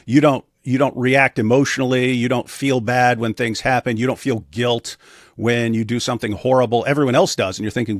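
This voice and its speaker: A man being interviewed tells a personal story in a matter-of-fact way, restarting his sentences often. His mid-range voice is brisk with fairly even intonation, and the studio-quality recording has no room sound.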